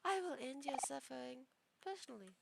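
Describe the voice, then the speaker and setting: A woman's voice: high voice, expressive, a little fast, gravelly, very noisy, pitched above the performer's own voice, full character voice. A woman voicing a vain, theatrical princess boss in a put-on mixed German and French accent, with pompous, grandiose delivery. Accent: put-on mix of German and French. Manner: pompous, grandiose, self-adoring declarations. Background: game music.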